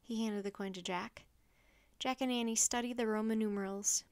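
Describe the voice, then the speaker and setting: A woman reading a children's book aloud with gentle, even narration. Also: medium pitch, normal speed. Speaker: storyteller.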